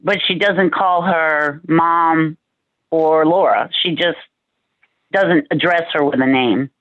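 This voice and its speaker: A woman's voice: low-pitched, slow, dry recording. A woman testifying as a witness at a court hearing over a video call, giving careful, brief answers. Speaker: witness, visit supervisor. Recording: dull dry video-call audio.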